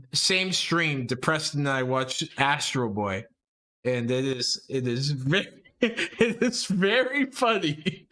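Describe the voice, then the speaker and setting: A man's voice: medium pitch, a bit bright. A man streaming live, chatting crudely and casually with his chat in slang.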